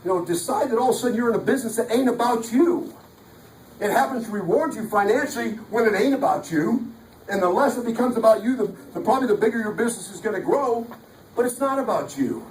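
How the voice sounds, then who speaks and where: Recorded from far off in an echoey large hall, a male motivational speaker gives a punchy, jokey sales talk to a live audience in a preacher-like style. His voice is extremely high and expressive, quick-paced with a darkish tone, and there's slight background noise.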